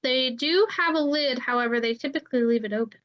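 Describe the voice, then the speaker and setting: A woman's voice: high-pitched, fast talker, dry recording, lo-fi sound. A woman co-hosting a podcast, bantering and competing in a quiz in a casual way. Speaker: podcast co-host. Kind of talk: casual chat.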